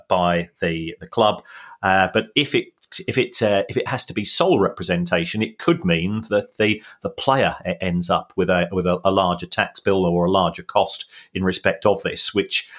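Low-voiced finance pundit. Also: male voice, a bit bright. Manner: hesitant, many fillers and restarts, explains numbers. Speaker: football finance expert and co-host. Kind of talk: casual explanatory chat.

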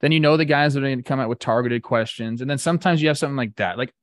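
A man's voice: medium pitch, racing, no echo. A man cohosting a sports talk show, laid-back and filled with 'like' and 'dude'.

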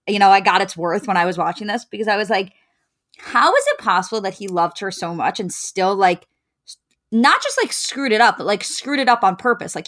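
A young woman co-hosts a casual podcast and picks apart a reality show at length. Her voice sits at a middle pitch, and she fills her talk with "like" as she thinks aloud. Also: a bit bright. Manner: talkative, analytical, heavy use of "like". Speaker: podcast co-host.

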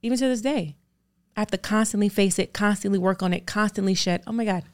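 A woman in her thirties talks candidly as a guest on a podcast, her voice sitting at an ordinary middle pitch. She speaks earnestly and with emphasis. She often stacks one rhetorical question on another. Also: fast, a little mellow. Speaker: podcast guest, actor and producer. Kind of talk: candid interview talk.

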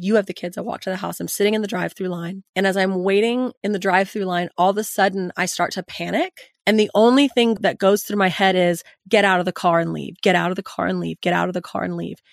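A woman's voice: medium pitch, no room sound, studio quality. A woman hosting a podcast, telling a candid and earnest personal story to her guest. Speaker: podcast host.

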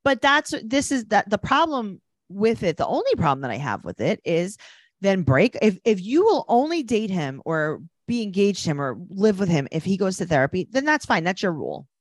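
A woman co-hosting a podcast, chatting casually and sarcastically, retelling scenes with deadpan jokes. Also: medium pitch, normal speed, dry recording, studio quality. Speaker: podcast co-host. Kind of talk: casual chat recapping reality TV.

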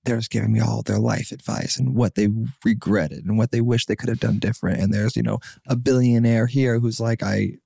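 A young man in his twenties tells his story as a podcast guest, his low voice rough with vocal fry. He talks casually and animatedly, acting out what other people said. The close mic sounds dry. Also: a little fast, few pauses, no room sound. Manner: animated, acts out quotes, many fillers. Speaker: podcast guest, singer-songwriter.

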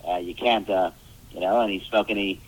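A man doing a comic impression of a middle-aged male airline captain, who gives a halting announcement full of "uh"s and off-color asides. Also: sits low, steady tone, a little hiss or hum, close to an everyday voice, poor audio. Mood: crude.

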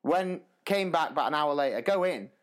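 A man co-hosting a podcast, a primary school teacher telling stories in a casual, animated way and laughing through them. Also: on the high side, a little fast. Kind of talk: casual storytelling chat.

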